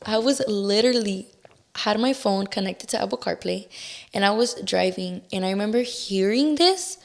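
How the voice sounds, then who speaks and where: A young woman speaking as a guest in a relaxed interview. Her voice sits in a middle pitch, and she tells things candidly and with animation, peppering her sentences with "like." She acts out her own past reactions as she goes. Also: moderate pace, creaky. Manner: candid, animated storytelling with many "like"s and re-enacted outbursts. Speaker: podcast guest. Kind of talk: casual interview chat.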